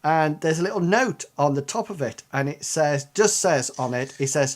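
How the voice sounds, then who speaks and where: A man running a tabletop game as game master, narrating haltingly with many restarts. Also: a little high. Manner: halting, full of restarts and ums.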